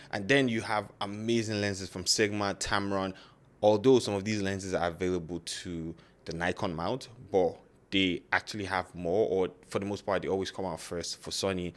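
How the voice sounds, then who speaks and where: A man with a deep, very low voice and a non-native English accent talks casually to camera about photography gear. He rambles and corrects himself, with lots of fillers and restarts, in relaxed vlog fashion. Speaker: photography YouTuber.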